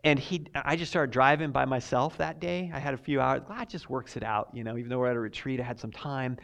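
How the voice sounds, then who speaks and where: A man preaching a sermon and telling a personal story, swinging from soft asides to excited shouting. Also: medium pitch, a little fast, vocal fry. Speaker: pastor.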